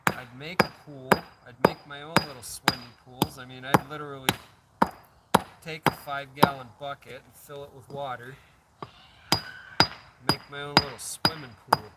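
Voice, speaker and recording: A man's voice: mid-range voice, little pitch movement, normal speed, recorded from a distance, very noisy. A man hosting a casual livestream outdoors on a hot day, rambling and chatting to his dog. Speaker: livestream host.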